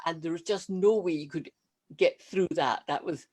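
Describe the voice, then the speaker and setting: A woman from Stirling with a Scottish accent softened by elocution, telling stories in a casual chat over a video call. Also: fairly low pitch, moderate pace. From Stirling, Scotland. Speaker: podcast guest.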